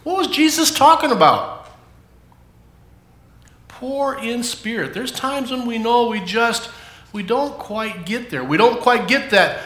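A man leading a children's sermon in church, playful and animated, asking the kids questions. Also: high voice, a little slow, echoey room. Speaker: children's pastor.

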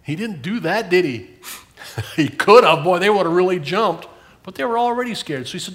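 A man's voice: sits high, lively intonation, moderate pace, fairly bright tone. An older man giving a children's sermon, asking the kids questions as he tells the story. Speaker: pastor giving a children's message.

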